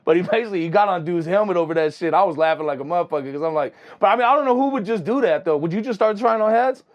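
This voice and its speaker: A young man, a music producer, telling stories in a casual, slangy, animated way. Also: high-pitched, rapid-fire, muffled recording. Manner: animated, slangy, full of "you know what I'm saying". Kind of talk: casual storytelling.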